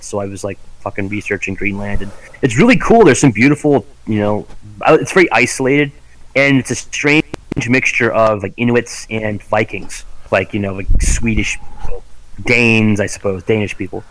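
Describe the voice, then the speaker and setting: A man's voice: lowish voice, moderate pace, fairly bright tone, low-quality recording. A man co-hosting a podcast in casual chat, rambling and cursing, often laughing into his words. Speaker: podcast co-host.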